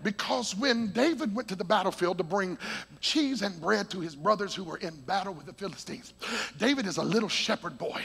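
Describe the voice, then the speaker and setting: A male preacher delivering an excitable sermon in a church sanctuary, often shouting and breaking into laughter. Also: high-pitched, vocal fry, breathy edge, long reverb tail. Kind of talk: Pentecostal sermon.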